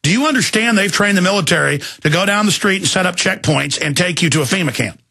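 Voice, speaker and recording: Gravelly raspy man ranting on radio. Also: high voice, lively intonation. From Texas. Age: 30s. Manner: angry, shouting, rapid tirades. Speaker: radio host. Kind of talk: ranting talk radio monologue.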